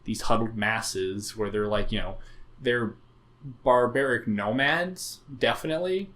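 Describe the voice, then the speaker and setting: A man's voice: lowish voice, a little slow, fairly bright tone. A man co-hosting a casual podcast about tabletop games, rambling with frequent fillers and restarts and plenty of swearing. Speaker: podcast co-host.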